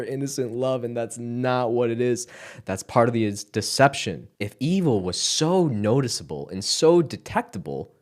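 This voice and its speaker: A young man giving a halting, emotional personal testimony, close to tears, with casual fillers and sighs. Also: mid-range voice, sing-song, a little mellow. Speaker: content creator sharing his testimony.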